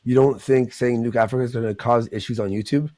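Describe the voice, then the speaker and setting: A man hosting a livestream, ranting in a rambling, profane, excitable way. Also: mid-range voice, fast talker, no echo. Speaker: livestream host. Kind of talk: casual livestream chat.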